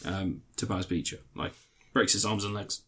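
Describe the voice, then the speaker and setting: A man's voice: on the low side, moderate pace, pushed and bright. A man co-hosting a casual review chat, rambling with many fillers and restarts. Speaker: podcast co-host reviewing TV.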